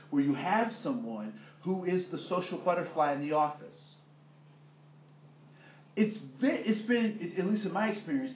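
Man leading a workshop, slightly high voice. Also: slight background noise. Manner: conversational, many fillers, asks the room questions. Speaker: workplace trainer. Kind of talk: training workshop talk. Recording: echoey room, muffled sound.

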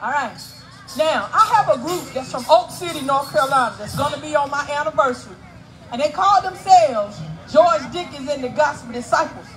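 A woman emceeing a live outdoor community event on a handheld mic, teasing and working the crowd loudly. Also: high-pitched, expressive, normal speed, faint music behind, low-quality recording. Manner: playful, teasing, loud crowd-work. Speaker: event emcee and radio host. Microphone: handheld microphone.

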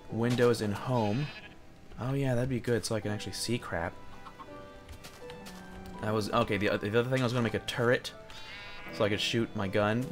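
A young man giving chatty Let's Play commentary, rambling and yelping when monsters jump him. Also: mid-range voice. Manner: chatty, jumpy, yelps at monsters. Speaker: gaming video host.

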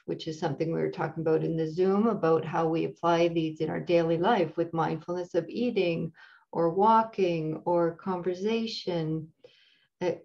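Woman, meditation teacher, lowish voice, slow and hesitant, fillers, dull lo-fi recording. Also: creaky, a little mellow. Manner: unhurried, searching for words with many fillers. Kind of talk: dharma talk introducing a practice.

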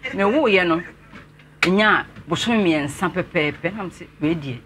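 A man's voice: sits high, normal speed, noisy background. A man with a Ghanaian accent, an interview guest telling his life story earnestly and politely to the host. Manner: earnest, respectfully addressing the host.

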